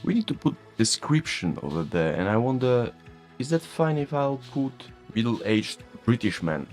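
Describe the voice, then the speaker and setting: A man's voice: medium pitch, big pitch swings, moderate pace, a little mellow. A man with a Polish accent, whose first language is Polish, chatting casually about tech and often chuckling at himself. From Poland. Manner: chuckling, self-mocking. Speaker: tech vlogger. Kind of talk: casual chat. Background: faint background music.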